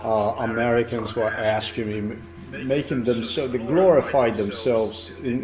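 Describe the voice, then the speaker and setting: A man's voice: medium pitch, a little slow, rough recording. A man, an English speaker, complaining in an aggrieved, repetitive way in a played-back recording.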